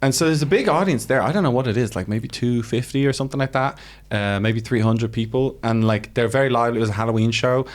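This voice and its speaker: A man's voice: medium pitch, fast. A man with an Irish accent, a guest comedian telling stories in casual podcast chat, acting out the people he quotes. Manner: animated storytelling, acts out quotes.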